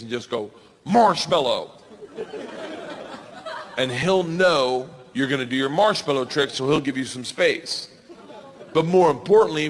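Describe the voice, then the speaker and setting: A man in his forties telling a stand-up story, animated and yelling his punchlines, on a stage mic. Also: a little high. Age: 40s. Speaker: stand-up comedian. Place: large comedy venue. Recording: live stage mic with hall reverb and faint ambience.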